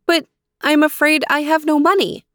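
A woman's voice: high-pitched, level tone, moderate pace, fairly bright tone, no echo, clean studio sound, pitched above the performer's own voice. A woman voicing a sweet, kind young princess who speaks in an earnest, polite way. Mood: gentle.

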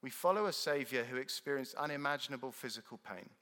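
A man preaching a sermon in a church, earnest and emphatic, swinging between loud declarations and hushed moments. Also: medium pitch, fast. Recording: long reverb of a large hall.

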